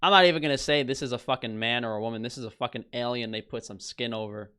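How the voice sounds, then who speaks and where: A man's voice: mid-range voice, quick pace, bright, forceful tone, clear, resonant tone. A young man streaming, ranting with scorn and heavy swearing as he reads headlines aloud. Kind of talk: casual ranting commentary.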